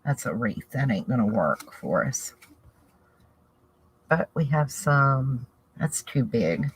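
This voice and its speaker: A woman's voice: a bass voice, very animated, slow, slight background noise, rough recording. A woman with a Southern US accent chatting casually to viewers, rambling and thinking aloud as she works on a craft project. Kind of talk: casual crafting chat to camera.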